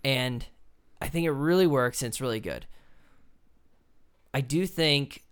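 A man's voice: medium pitch, expressive, unhurried, clear, resonant tone. A man in casual chat as a podcast co-host, talking in a loose, rambling way and swearing for emphasis.

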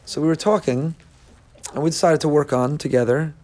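A man preaching a sermon, animated, breaking into loud, high bursts when he acts out what people say. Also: brisk. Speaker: rabbi.

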